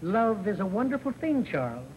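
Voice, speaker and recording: A man's voice: high-pitched, sing-song, moderate pace, darkish tone, slight background noise, low-quality recording. A man playing a formal, pompous father weighing a suitor in a 1930 film comedy sketch. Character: formal older father of the bride.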